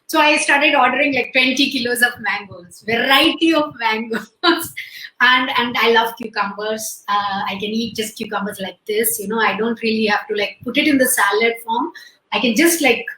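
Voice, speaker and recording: A woman's voice: on the high side, normal speed, pushed and bright, reverberant, low-quality recording. A woman in her late forties with an Indian English accent, telling a personal story in an interview, full of "like" and "you know" fillers. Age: late 40s. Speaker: guest. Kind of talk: conversational interview over video call.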